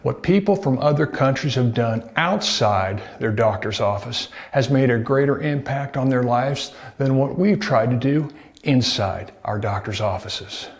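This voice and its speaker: A man's voice: mid-range voice, lively intonation, measured pace. Folksy man, a doctor. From United States. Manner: folksy, asks rhetorical questions. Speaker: doctor presenting a health video. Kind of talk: scripted talk to camera.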